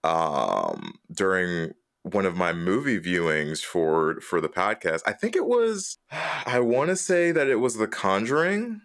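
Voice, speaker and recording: A podcast co-host in casual chat, relaxed and hesitant, with many pauses and ums while recalling a story. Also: deep voice.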